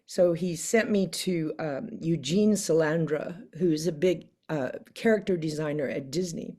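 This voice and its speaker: An older woman as an interview guest, telling a story in casual chat, animated and acting out the voices she quotes with frequent laughs. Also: low-pitched, a little slow.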